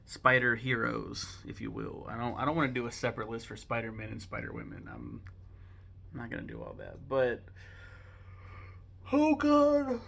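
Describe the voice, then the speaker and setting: Gravelly, bright-voiced man chatting to camera. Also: medium pitch. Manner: rambling, joking, swears casually. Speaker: vlogger. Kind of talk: casual chat to camera.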